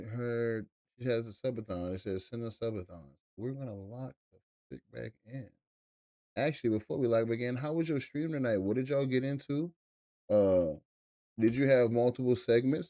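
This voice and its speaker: A man's voice: medium pitch, dark tone, no echo. A young man live-streaming, chatting loosely with his chat, swearing and laughing often. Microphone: desk mic.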